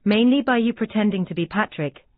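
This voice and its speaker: Casting: woman voicing a bitter plotting girl, slow, tinny and dry. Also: mid-range voice, no room sound, lightly acted. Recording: dry, tinny phone-like sound.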